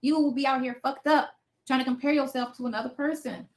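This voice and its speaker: In her fifties and livestreaming casually from her home basement, this woman answers viewer comments with blunt, defiant, profanity-laced replies. Her voice sits high, her intonation stays fairly even, and her pace is quick.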